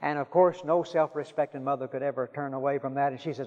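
A man preaching a sermon, telling stories with dramatic pauses and dropping to a hush for emphasis. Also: medium pitch, fairly even intonation. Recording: dull sound with long hall reverb.

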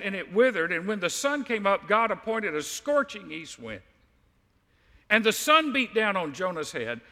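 A man preaching a sermon, telling a story with lively asides and acting out the quotes. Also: sits high, big-room sound.

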